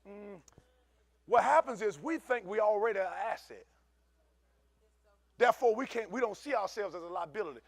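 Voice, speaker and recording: Pastor preaching in church, high-pitched man, animated and chatty, close dry mic. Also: moderate pace, pauses often, no echo. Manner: animated preaching, swings from shouting to low asides; conversational, uses African American Vernacular English. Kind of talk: sermon.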